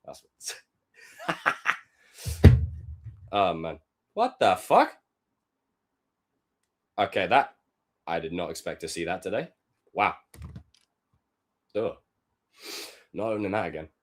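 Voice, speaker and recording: A young man live-streaming, reacting to film clips with animated, profane commentary and sudden loud outbursts. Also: low voice, slow pace, long pauses, slight background noise.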